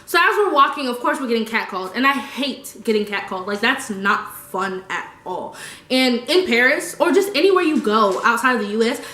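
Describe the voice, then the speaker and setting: A young woman telling a story casually, animated and slangy, laughing often. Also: a little high, a little fast, roomy sound. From United States. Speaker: vlogger.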